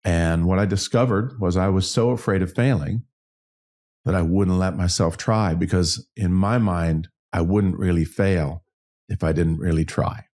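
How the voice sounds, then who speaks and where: Deep-voiced man telling his story. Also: a little slow. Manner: frank, self-deprecating, animated storyteller. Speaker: interview guest, singer-songwriter and business owner. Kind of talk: candid personal storytelling.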